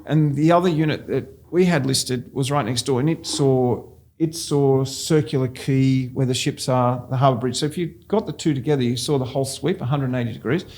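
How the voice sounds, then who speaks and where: Australian man telling lively sales stories. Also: medium pitch, fairly quick, hardly any pauses. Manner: animated storyteller, laughs while telling anecdotes. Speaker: real estate agent, guest. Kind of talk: casual interview storytelling.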